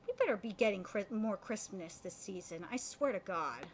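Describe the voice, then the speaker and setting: Excitable woman gushing over anime. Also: medium pitch, moderate pace, over loud music. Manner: excitable fan gushing, many fillers and restarts. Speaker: anime reaction streamer. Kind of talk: live reaction commentary.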